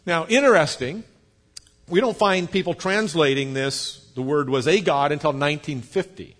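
A pastor preaching a sermon, explaining patiently, spelling out words, with light jokes for the congregation. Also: male voice, fairly high pitch, normal speed, a bit bright. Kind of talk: sermon teaching.

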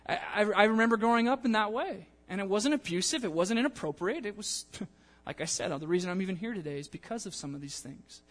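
High-voiced young male preacher in a church. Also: fast. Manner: animated, conversational, acts out quotes. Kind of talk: sermon. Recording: long church-hall reverb.

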